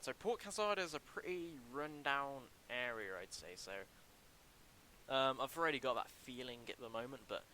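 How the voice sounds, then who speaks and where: Casual livestream chatter comes from a young man building a game level, his halting delivery full of ums and restarts spoken into a desk mic. The voice is medium-pitched with a sharp tone, and the poor audio has slight background noise.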